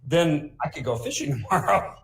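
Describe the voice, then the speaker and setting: A man's voice: on the high side, big pitch swings, normal speed, a little hiss or hum. A man in his forties chatting casually on a late-night stream, loose and joking, laughing often. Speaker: guest co-host.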